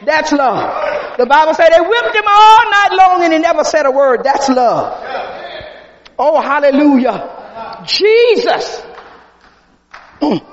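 Very high-voiced preacher shouting in an echoing hall. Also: male voice, expressive, measured pace, a faint crowd. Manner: impassioned, rising to shouts, repeats refrains. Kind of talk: sermon. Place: large church hall. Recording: echoey hall, dull sound, faint congregation.

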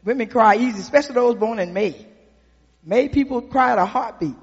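A man preaching a sermon in a church. He speaks with folksy repetition that builds to shouted emphasis. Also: extremely high pitch, breathy edge. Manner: folksy, drawn-out delivery with repetition. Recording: dull recording with long hall reverb.

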